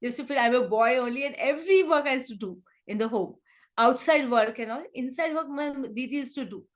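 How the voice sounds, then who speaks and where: Indian-accented woman, teacher guest on an interview, high voice, earnest and rambling with fillers. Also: a little fast. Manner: switches between English and Hindi, many fillers like "and all", "you can say"; earnest, emotional in places. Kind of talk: conversational interview answers.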